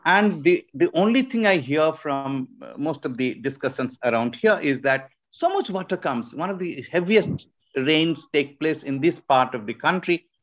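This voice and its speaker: A man from northeast India giving an academic webinar talk, pausing often and restarting his sentences. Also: a little high, expressive, fairly bright tone. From Shillong, Northeast India. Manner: hesitant, frequent restarts and fillers. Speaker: webinar speaker. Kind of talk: academic lecture. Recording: muffled online webinar audio.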